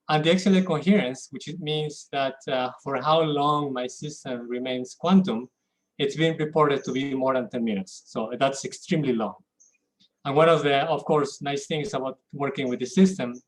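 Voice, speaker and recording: A man giving a technical lecture as a guest speaker, talking in a halting way with frequent restarts and repeated words. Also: a little high, poor audio.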